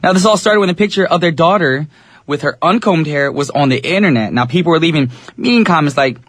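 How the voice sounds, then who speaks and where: An easygoing male radio DJ chats in English, talking directly to listeners in a dry studio sound with no echo. His fairly high voice moves a little fast and sounds a little raspy today.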